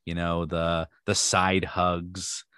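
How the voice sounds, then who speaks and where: Low-voiced American man hosting a podcast. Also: slow, clear, resonant tone, no room sound, clean studio sound. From United States. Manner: joking, animated, trails off into asides. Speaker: podcast host. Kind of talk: casual podcast chat.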